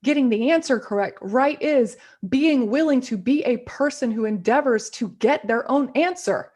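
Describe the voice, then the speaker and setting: A woman's voice: high voice, normal speed, darkish tone. A woman guest in a casual interview, talking in an earnest, reflective way and often repeating words as she thinks.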